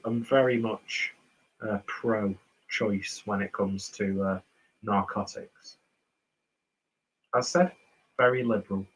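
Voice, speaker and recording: In a poor-quality recording, a man with a medium-pitched, slightly rough voice hosts a beer livestream as a beer reviewer. He's from northern England yet speaks with a posh southern English accent, rambling casually through viewer comments in a chatty, self-mocking way.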